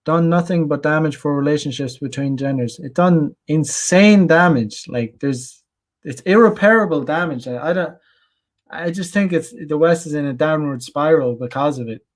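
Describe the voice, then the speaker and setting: A young adult man from Ireland, ranting in a rambling, blunt, profane way on a casual livestream and reading out chat comments. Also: a little high. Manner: rambling, many restarts and fillers, blunt and profane. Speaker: channel host.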